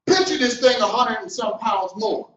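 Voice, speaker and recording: A middle-aged man giving a motivational business talk, animated and preacher-like, swinging between loud and soft. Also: high voice, moderate pace. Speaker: business coach. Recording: roomy, distant, dull sound.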